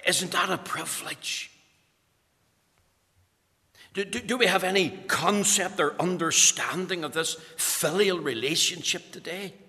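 A man's voice: high voice, measured pace, pushed and bright. A man preaching a sermon, fervent and rising to urgent emphasis. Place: church. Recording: long church reverb.

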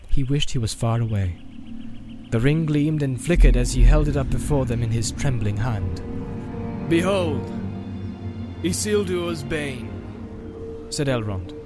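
A man reading a fantasy novel aloud as narrator, even and unhurried. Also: mid-range voice, over music. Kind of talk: audiobook narration.

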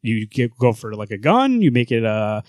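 A man's voice: mid-range voice, sing-song, normal speed, darkish tone, no echo, studio quality. A man co-hosting a comics podcast, talking casually in a joking, rambling, profane way. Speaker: podcast co-host. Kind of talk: casual chat.

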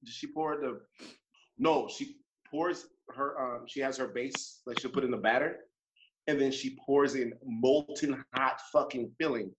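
Man, casual chat, deadpan joker, slow careful explainer, dull lo-fi sound. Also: mid-range voice.

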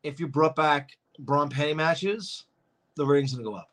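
A young man co-hosting a casual podcast, swearing freely and joking through quick banter. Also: a little high, a bit bright. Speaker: podcast co-host. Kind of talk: casual wrestling chat.

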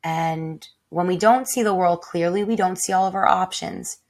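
A woman's voice: lowish voice, moderate pace, a little mellow. A woman in her tiny home, talking straight to her listeners in a raw, heartfelt way, with frequent swearing and spoken reminders to herself. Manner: emotional, swearing, heartfelt, self-talk. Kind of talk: raw personal reflection.

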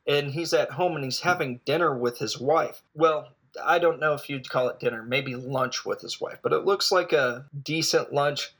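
A man's voice: on the high side, normal speed, few pauses, fairly bright tone, breathy edge. A man recapping a foreign film in a rambling, jokey way with lots of asides. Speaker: film reviewer.

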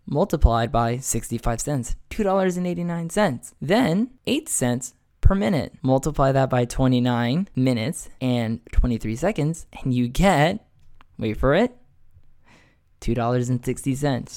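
A man's voice: mid-range voice, a little mellow, clear, resonant tone. A man who works as a rideshare driver, venting bluntly and casually, with frequent swearing. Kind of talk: casual ranting monologue.

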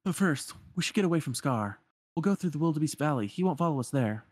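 A man's voice: on the high side, animated, fast talker, darkish tone, no echo, clean studio sound, pitched above the performer's own voice. A man voicing a worried young lioness from a video game, in a slightly raised voice. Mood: earnest.

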